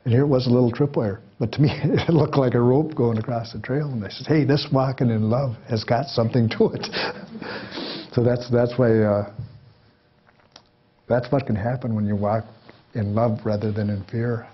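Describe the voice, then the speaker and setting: A man in his sixties, a guest speaker, tells folksy personal stories to a live audience and acts out the voices of the people in them. His mid-range voice is husky and steady at a moderate pace, and the audio sounds dull.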